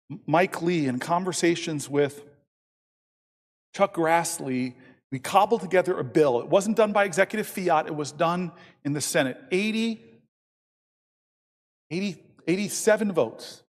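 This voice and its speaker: A man in his fifties giving a long floor speech as a senator, telling a story and quoting others in lively voices. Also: on the high side. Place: large legislative chamber. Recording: long reverb from a large chamber.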